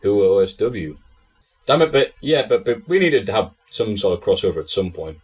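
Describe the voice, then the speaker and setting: A man's voice: on the low side, sing-song, brisk, a little mellow, breathy edge. Laughing, sardonic man in casual chat. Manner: sardonic, swearing, laughing often. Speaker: interview guest.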